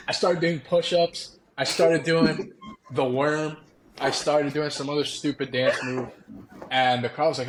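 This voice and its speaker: Animated young man telling a story. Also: mid-range voice, moderate pace, background noise. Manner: animated, acts out quotes, laughs often. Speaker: podcast guest, former college baseball player. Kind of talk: casual storytelling.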